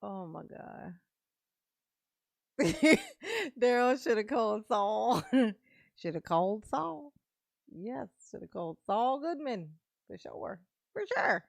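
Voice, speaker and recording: A woman streamer reacting live and joking with her chat in a teasing, laughing way. She speaks slowly with a gravelly fry and a bit of height. The sound is close and dry. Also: on the high side, expressive, no room sound. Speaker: streamer reacting to a court livestream. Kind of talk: casual live reaction commentary.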